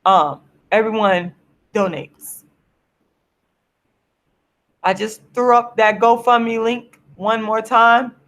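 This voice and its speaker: Woman, sleepy, tired, livestream host, high-pitched, earnest, repetitive, drawn-out pleading. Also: steady tone, fairly bright tone. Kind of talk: casual livestream appeal.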